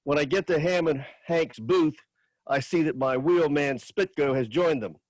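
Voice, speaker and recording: A man reading a chapter of his own novel aloud at a writers' open mic, in steady, measured first-person narration. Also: fairly high pitch, no room sound.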